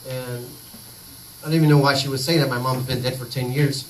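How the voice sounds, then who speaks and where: A man's voice: mid-range voice, fairly even intonation, brisk. A man doing a rambling, crude stand-up comedy set full of profanity on a comedy club stage. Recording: distant mic, noisy live recording.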